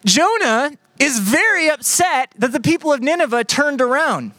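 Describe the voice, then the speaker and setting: A man preaching a lively sermon, joking with the crowd and acting out the story in voices. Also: extremely high pitch, moderate pace, no echo. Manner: playful, animated storytelling with acted-out voices. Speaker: pastor. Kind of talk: sermon with audience skit.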